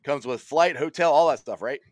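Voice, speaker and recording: A man's voice: fairly high pitch, a little fast, dry recording, clean studio sound. A man hosting a radio interview, enthusiastic and often repeating words as he asks questions. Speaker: radio host.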